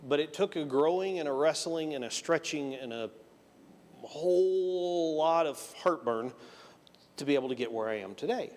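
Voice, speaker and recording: A middle-aged Texan man preaching a conversational sermon, telling a personal story and acting out the dialogue with self-deprecating humor. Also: a little high. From Texas. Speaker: pastor. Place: church sanctuary. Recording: church hall reverb.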